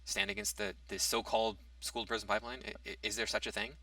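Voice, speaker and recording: A man's voice: fairly low pitch, flat delivery, racing, pushed and bright, dry recording, far from the mic. A man in a casual opinion monologue, reading out topics and rebutting them, with hesitant restarts. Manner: argumentative, reads out a topic then rebuts it. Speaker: commentary vlogger.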